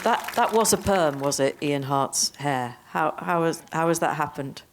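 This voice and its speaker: Low-voiced woman moderating a stage Q&A. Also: crowd noise, background noise. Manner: brisk, guiding, quick interjections. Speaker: panel moderator. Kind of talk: hosting an onstage Q&A.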